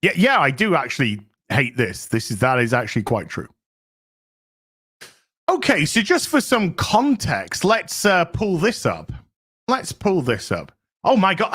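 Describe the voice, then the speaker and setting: A man hosting a live stream, talking excitably to his chat, swearing freely as he reacts to the news. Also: fairly high pitch, a little slow, husky. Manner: excitable, swears, chats to viewers. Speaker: streamer host.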